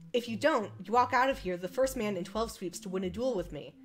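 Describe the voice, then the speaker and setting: A woman's voice: medium pitch, a little fast. A young woman streaming a visual novel, chatting casually and reading the text aloud, rambling and laughing at herself. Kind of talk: casual let's-play chat and reading aloud.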